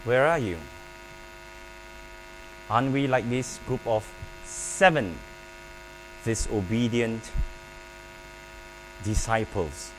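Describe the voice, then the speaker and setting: A man preaching a sermon, emphatic and paced with pauses, calling on the congregation to repeat his words. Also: mid-range voice, a bit bright, poor audio. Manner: emphatic, with pauses and call-and-response prompts. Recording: faint mains hum.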